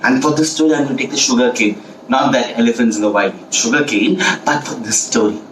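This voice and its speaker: Male storyteller, animated and repetitive, echoey room with faint hiss. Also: medium pitch, quick pace, distant mic. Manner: playful, animated, heavy repetition, asks listeners questions. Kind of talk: oral storytelling for children.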